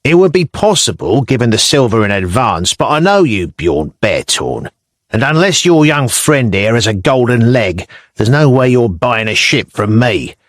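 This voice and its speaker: A man's voice: mid-range voice, very animated, normal speed, no echo, studio quality, lightly acted. A male narrator voicing a small, testy shipwright who speaks with scorn in an audiobook. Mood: scornful. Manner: scornful, spitting.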